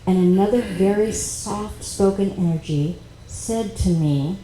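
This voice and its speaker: Woman workshop speaker, dark low voice, storytelling in an echoey hall with faint hiss. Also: unhurried. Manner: animated, conversational, with quoted dialogue. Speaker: speaker at a spiritual expo workshop. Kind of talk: personal storytelling talk. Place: expo workshop room. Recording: echoey room with faint noise.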